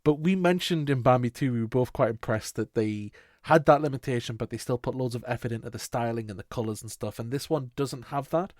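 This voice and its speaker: Brief: young guy, mid-pitched, sardonic podcast co-host, swears a lot, dry close mic. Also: a little fast, darkish tone, no echo. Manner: sweary, sarcastic, laughs often. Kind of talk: casual chat.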